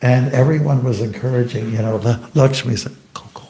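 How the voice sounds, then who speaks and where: A monk giving an informal scripture class in a temple hall, telling anecdotes, joking and quizzing the audience. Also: male voice, medium pitch, fairly even intonation, a little fast, warm tone, slight background noise. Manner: chatty and joking, asks the audience questions.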